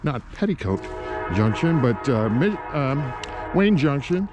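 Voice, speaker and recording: A man narrating a casual vlog as he explores an old industrial site, musing and halting with many fillers, from a helmet-mounted camera. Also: medium pitch, sing-song, lo-fi sound, over music. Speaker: vlogger exploring a historic site. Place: outdoors near rail lines and traffic. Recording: outdoor noise, traffic. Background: clear street and vehicle noise.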